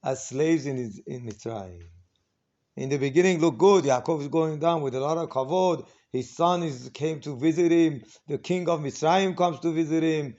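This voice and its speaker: A man's voice: a little high, normal speed, darkish tone. A man giving an informal Torah class as a rabbi, talking conversationally with many rhetorical questions and acting out quoted lines. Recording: dull lo-fi recording.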